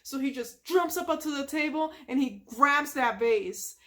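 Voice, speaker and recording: A woman with a high voice retelling a cartoon episode from memory for an ASMR channel. She chats along with plenty of asides and fillers. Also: lively intonation, unhurried, fairly bright tone. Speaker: ASMR storyteller.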